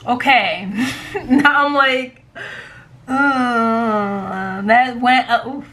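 Bright, high-voiced young woman vlogger. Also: extremely slow. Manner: chatty, giggly, lots of "like". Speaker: vlogger pranking her best friend. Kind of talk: casual chat to camera.

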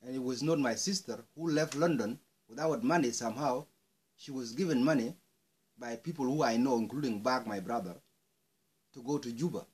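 A man's voice: mid-range voice, moderate pace, darkish tone. A man from South Sudan delivering an angry, impassioned monologue, swearing and rising into outbursts. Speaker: speaker airing grievances.

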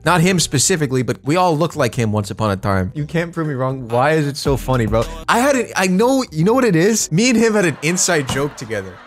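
A man streaming casually while high, animated and giggly, swearing freely as he chats. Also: fast talker, hardly any pauses, slight background noise. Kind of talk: casual livestream chat.

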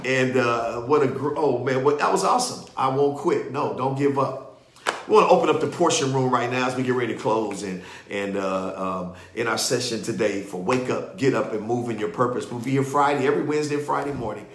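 A man hosting a live ministry broadcast and leading prayer, excitable, often repeating himself and laughing. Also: mid-range voice, a little fast, roomy sound, a little hiss or hum. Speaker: ministry host.

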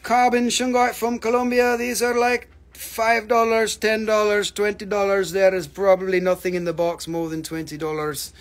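A man with a notably high voice runs a live crystal sale, jumping from price to price in loose patter. He jokes around constantly and swears freely, rambling as he goes. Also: little pitch movement, moderate pace, few pauses. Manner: joking, profane, rambling. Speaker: livestream crystal seller.

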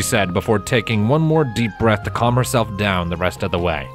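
Deep male storybook narrator. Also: moderate pace, few pauses. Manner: steady storytelling, dramatic at tense moments. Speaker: fanfiction reader. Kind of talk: audiobook narration. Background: background music.

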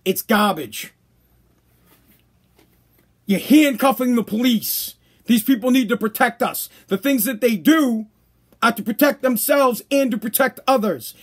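A man's voice: very high-pitched, breathy edge. A man hosting a solo podcast, delivering a heated, profane monologue and acting out the people he quotes. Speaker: podcast host.

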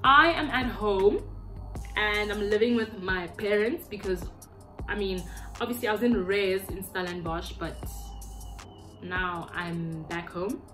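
Chatty South African woman in her twenties. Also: mid-range voice. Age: 20s. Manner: chatty and playful, breaks into silly voices. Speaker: YouTuber. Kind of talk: casual chat to camera. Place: bedroom at home.

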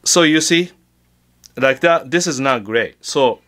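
Slow, lively guitar teacher. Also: male voice, mid-range voice. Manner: chatty, full of fillers and restarts. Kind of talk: casual unedited guitar tutorial.

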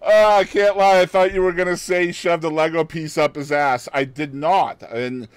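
A man's voice: on the high side, steady tone, normal speed, smooth, no room sound. A man co-hosting a podcast, reading out a news story in casual chat and adding joking asides with frequent laughter. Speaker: podcast co-host.

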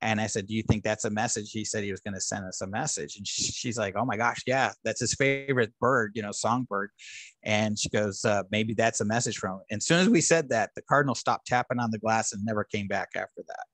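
A man with a fairly low voice recorded dry and close, telling his own paranormal encounters. He is earnest and narrative, acting out what his family said in little quoted exchanges. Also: a little fast, a bit bright, no room sound. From United States. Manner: earnest storyteller, quoting family in dialogue. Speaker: guest. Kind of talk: telling personal paranormal stories.

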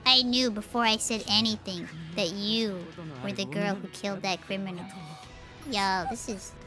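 A woman's voice: medium pitch, steady tone, moderate pace, over music. A woman streaming games, giving playful running commentary and laughing often. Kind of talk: live-streamed gameplay commentary.

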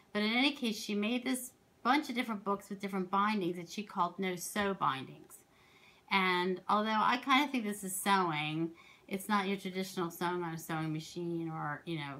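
Chatty, rambling woman crafting vlogger. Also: medium pitch. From Pennsylvania. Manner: rambling and excitable, with many asides. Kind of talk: casual chatty show-and-tell.

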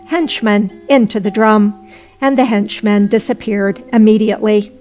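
A woman narrating a folk tale audiobook in a steady storytelling voice. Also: mid-range voice.

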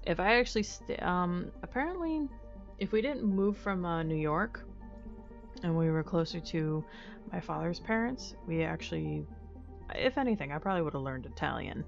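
Low-voiced American woman chatting on stream. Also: lively intonation, moderate pace, vocal fry. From United States. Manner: candid, profane and self-mocking. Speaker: live streamer. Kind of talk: casual chat with viewers. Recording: dull lo-fi stream audio. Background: faint music.

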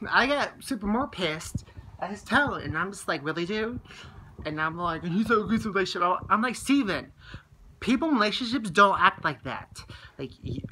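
A woman's voice: fairly low pitch, sharp tone, slight background noise, low-quality recording. A woman telling a vlog story in a heated, profane way. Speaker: vlogger.

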